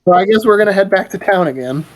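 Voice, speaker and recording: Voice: mid-range voice, expressive, fast. A player chatting casually during a tabletop game.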